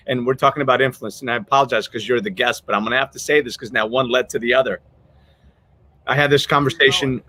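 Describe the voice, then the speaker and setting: An earnest male podcast host tells a story in a loose, rambling way, restarting his sentences often. He sounds choked up. His voice sits at an ordinary middle pitch. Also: bright, forceful tone. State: choked up with emotion. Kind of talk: casual storytelling chat.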